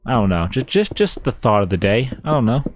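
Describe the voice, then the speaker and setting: A man's voice: medium pitch, sing-song, a little fast, a little hiss or hum. A man with a Kentucky Southern accent giving rambling, laid-back commentary while he plays a building game on stream. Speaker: let's-play streamer. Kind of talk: casual gameplay commentary.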